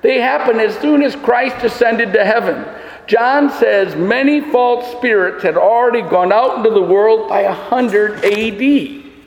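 A man's voice: high-pitched, unhurried, dull audio. A man preaching a sermon as a pastor, emphatic and rhetorical, firing pointed questions at his listeners, in a church sanctuary. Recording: echoey hall with long reverb.

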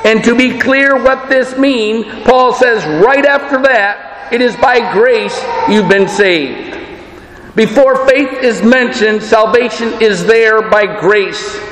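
High-voiced man preaching in echoey hall. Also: slow, a bit bright. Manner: earnest, emphatic preaching with rhetorical questions. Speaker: pastor. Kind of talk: sermon.

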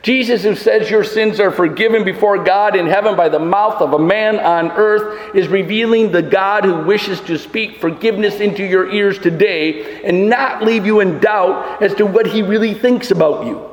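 A man's voice: high voice, normal speed, hardly any pauses. A man preaching a sermon as a pastor, emphatic and rhetorical, firing pointed questions at his listeners, in a church sanctuary. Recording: echoey hall with long reverb.

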